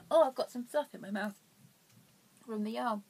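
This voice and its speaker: A woman's voice: on the high side, lively intonation, measured pace, fairly bright tone, breathy edge. A young woman hosting a casual knitting vlog, rambling and self-deprecating, with her voice dropping to near whispers at times. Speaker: knitting podcast host.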